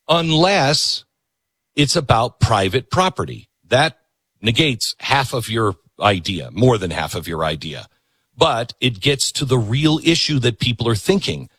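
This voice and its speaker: A man's voice: mid-range voice, sing-song, measured pace, fairly bright tone, breathy edge, no room sound. A middle-aged man hosting a political talk show, delivering an emphatic monologue and repeating words for emphasis.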